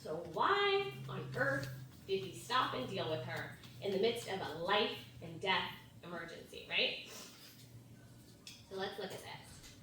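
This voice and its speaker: A youth ministry speaker, a mother in her thirties, tells a personal story in a conversational sermon sprinkled with "like" and "right?" Her medium-pitched voice is sing-song and unhurried, captured from far off in an echoey hall with faint ambience and background noise.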